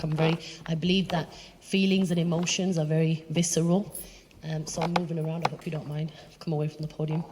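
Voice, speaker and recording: Low-voiced woman speaker telling personal stories with lively acted-out voices, recorded live in a reverberant hall. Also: a little hiss or hum. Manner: animated storyteller, acts out others' voices. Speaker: charity chief executive giving a talk. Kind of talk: personal talk to an audience. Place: event hall, walking around away from the podium.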